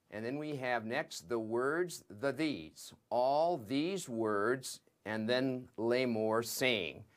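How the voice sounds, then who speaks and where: An older man, a seminary professor, giving a slow and methodical lesson that works through a Hebrew scripture text word by word. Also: mid-range voice.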